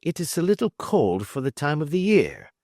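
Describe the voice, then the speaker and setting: A man voicing a calm, witty detective who answers threats with bland, quiet irony. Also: on the high side, moderate pace, no room sound, studio quality, pitched above the performer's own voice. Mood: ironic. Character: calm, witty male detective, cool and imperturbable.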